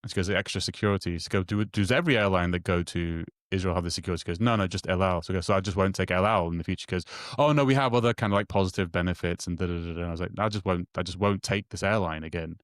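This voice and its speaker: In a casual chat, a low-voiced man stumbles through a lengthy story from his own life, restarting and repeating words as he acts out what people said. The studio-quality recording has no echo.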